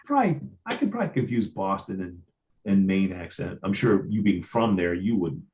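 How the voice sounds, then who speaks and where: Midwestern male host, slightly low pitch, casual storyteller who repeats himself. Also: big pitch swings, normal speed, a little mellow, slight background noise. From Ohio. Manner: chatty storyteller, stammers and repeats. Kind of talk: casual interview chat.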